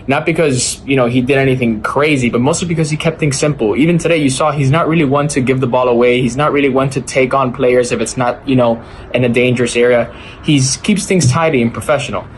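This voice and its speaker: A man with an American accent, giving his opinions in a measured, even-handed way in a recorded fan message. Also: medium pitch, a little hiss or hum. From United States. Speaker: fan sending a video message.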